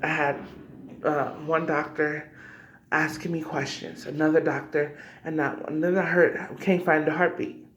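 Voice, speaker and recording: A woman's voice: sits low, flat delivery, measured pace, a little hiss or hum. A woman vlogger telling a personal story casually to her viewers, acting out scenes with cries and asides. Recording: slightly dull lo-fi audio.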